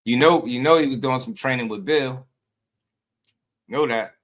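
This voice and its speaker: A man's voice: medium pitch, normal speed. A man hosting a boxing channel, talking in loose, slangy commentary and often breaking into laughter.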